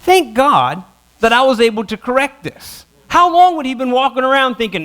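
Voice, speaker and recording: Animated, high-voiced storytelling pastor. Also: male voice. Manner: animated, self-mocking, acts out his family in quick voices. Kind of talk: humorous sermon storytelling. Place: church auditorium.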